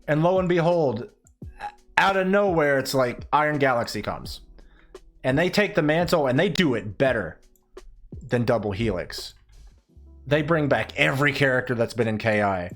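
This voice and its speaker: A young man chats casually over a drawing stream, ranting and swearing as he goes. His voice sits at an ordinary middle pitch. Faint background music plays behind him. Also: normal speed, pauses often. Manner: rambling, profane, animated ranting with put-on quoted voices. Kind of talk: casual chat while drawing.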